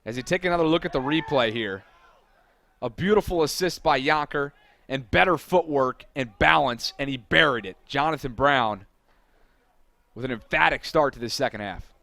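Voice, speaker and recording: A man doing live play-by-play commentary for a college soccer broadcast, steady between plays and rising to shouted calls on big moments. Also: mid-range voice, moderate pace, gravelly, dry recording.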